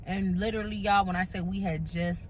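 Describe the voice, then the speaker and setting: A woman's voice: mid-range voice, steady tone, brisk, a little hiss or hum, rough recording. A woman telling a casual storytime in a blunt, profane, conversational way.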